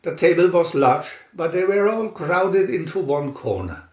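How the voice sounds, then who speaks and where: A man reading a storybook aloud slowly and expressively. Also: fairly high pitch, animated. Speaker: storybook reader. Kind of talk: read-aloud storybook narration. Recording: roomy muffled home recording.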